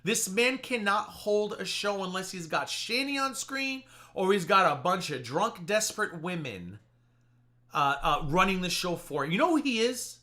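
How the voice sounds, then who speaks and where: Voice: mid-range voice, big pitch swings, normal speed, bright, forceful tone. A reaction streamer mocking another streamer in casual live commentary, swearing freely and slipping into mock-weepy impressions.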